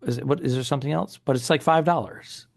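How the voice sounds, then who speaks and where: A man's voice: medium pitch, quick pace, gravelly. A man with a New England accent, co-hosting a comedy podcast in casual chat and acting out quoted people in little voices. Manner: talks in bursts, restarts mid-sentence. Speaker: podcast co-host.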